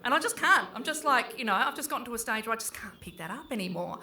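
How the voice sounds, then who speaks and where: A middle-aged Australian woman performing a stand-up comedy set in a small pub, chatty and swearing freely as she acts out her kids in quick voices. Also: a little high, expressive, pushed and bright.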